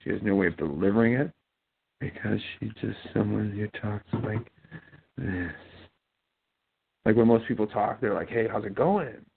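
A man's voice: on the low side, normal speed, gravelly, pauses often, breathy edge. A man from Ohio hosting a casual talk show, mumbling and rambling with many fillers and restarts. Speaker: podcast host. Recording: tinny phone-like sound.

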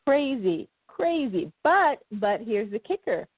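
A woman's voice: a little high, big pitch swings, slow pace, breathy edge, dry recording. A woman co-hosting a podcast in a chatty, rambling way, laughing often. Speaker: podcast co-host. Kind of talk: casual chat. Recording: dry, phone-like sound.

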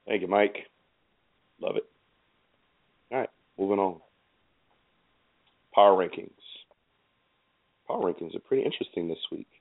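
A man's voice: sits low, animated, normal speed, pauses often. A man hosting a sports show, ranting in a heated, repetitive and emphatic way. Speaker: show host. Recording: tinny phone-like sound.

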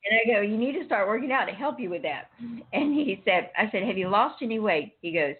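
Husky woman host on a tinny line. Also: mid-range voice, a little fast. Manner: animated storyteller, acts out dialogue with laughter. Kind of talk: casual chat.

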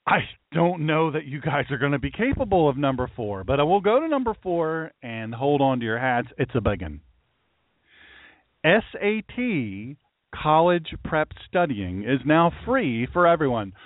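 A man's voice: a little high, normal speed, no echo. Sarcastic man, tinny phone-like sound. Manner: mocking, animated, talks to imagined audience. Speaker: pastor. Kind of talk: sarcastic commentary monologue.

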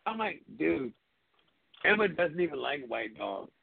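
A man hosting a call-in tribute show, telling stories in a casual, animated way, swearing often and acting out his friends' lines. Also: on the high side, a little slow, creaky, slightly rough, dry recording. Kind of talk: casual storytelling chat. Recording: phone-line audio with hiss.

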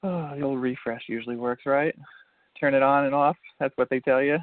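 A man's voice: mid-range voice, fairly even intonation, brisk, no room sound. A man hosting a casual sports talk show, joking and poking fun at himself. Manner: joking, self-mocking. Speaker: podcast host. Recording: dry tinny phone-like line.

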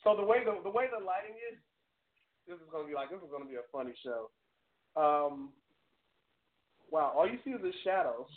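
A man with a slightly high, lively voice hosts a live call-in show from his home studio via webcam stream. He talks a little fast and pauses often, earnest yet stammering and chuckling at himself, over tinny phone-like sound.

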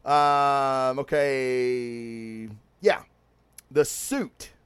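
A man hosting a casual podcast, reviewing a movie and comics in an excited, profane, rambling way with many restarts. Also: medium pitch, very slow, clean tone, no room sound. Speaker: podcast host.

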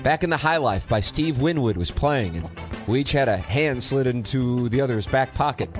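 A man hosting a sports radio show, reading listener emails in a dry, deadpan way. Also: mid-range voice, moderate pace, over music.

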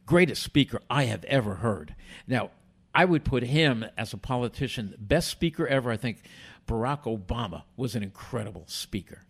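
An older man, a former boxing commissioner, telling an animated anecdote as a podcast guest. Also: mid-range voice, moderate pace, slightly rough. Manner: animated, theatrical storyteller.

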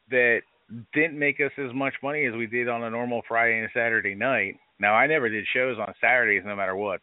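A man's voice: lowish voice, no room sound. Blunt, profane man on a phone-like line. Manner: blunt, profane, animated storytelling with acted quotes. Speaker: bar owner interviewed on a live show. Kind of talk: casual storytelling interview. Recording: dry, phone-like band-limited sound.

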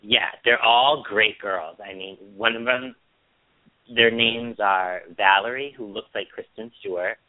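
A chatty man co-hosting a casual talk show, rambling through a story and putting on a squeaky mocking voice for quotes. His voice sits low and is heard over a thin, tinny phone line. The sound is dry and close. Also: very animated, measured pace, no room sound. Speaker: podcast co-host. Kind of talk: casual chat.

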